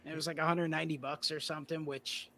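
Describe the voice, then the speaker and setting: Bright-voiced male guest, rambling casually. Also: a little high, fast, a little hiss or hum. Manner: relaxed, rambling, many fillers like "you know". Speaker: guest, card collector. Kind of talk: casual conversation.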